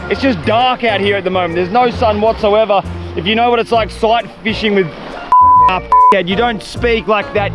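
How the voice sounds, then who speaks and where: A man vlogging outdoors on a remote island beach, excitable, laughing often and swearing at himself. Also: sits high, normal speed, loud music behind the voice. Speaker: survival and fishing vlogger. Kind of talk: casual talk to camera outdoors.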